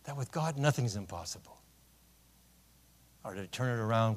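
A man preaching a sermon, telling stories with punchlines and swinging between loud declarations and hushed lines. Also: mid-range voice, lively intonation, moderate pace. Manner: storytelling with punchlines. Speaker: pastor.

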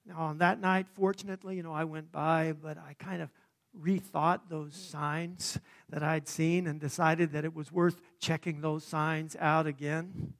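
A man preaching a sermon, praying and then telling a story dramatically, swelling loud and dropping to a hush. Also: a little high, little pitch movement, measured pace, vocal fry. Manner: dramatic, swelling and hushing by turns. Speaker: pastor.

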